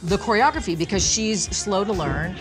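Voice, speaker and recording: A woman guest telling lively stories in a casual interview, laughing often and acting out quotes. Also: mid-range voice, moderate pace, music in the background. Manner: animated, laughing, acts out quotes. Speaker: guest dancer.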